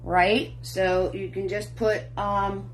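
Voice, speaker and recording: Faint music accompanies a middle-aged woman giving a live online painting class, her mid-range voice level in tone and slow. She keeps things chatty and encouraging, greeting viewers by name and calling them sweetheart and hun.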